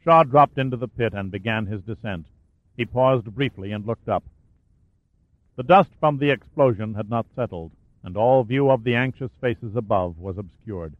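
A man reading a war thriller aloud as an audiobook narrator, in a steady storytelling voice. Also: fairly low pitch, moderate pace, no room sound. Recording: dry, phone-like lo-fi sound.

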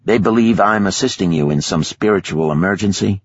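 A man's voice: deep voice, a little fast, husky, no room sound, lo-fi sound. A man voicing a defiant male hostage with a sardonic, questioning manner.

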